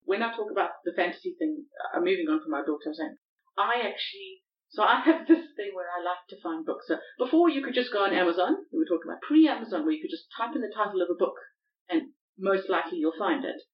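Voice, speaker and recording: A woman's voice: medium pitch, expressive, fast talker. Woman, podcast co-host, casual chat, self-deprecating, laughing, lo-fi sound.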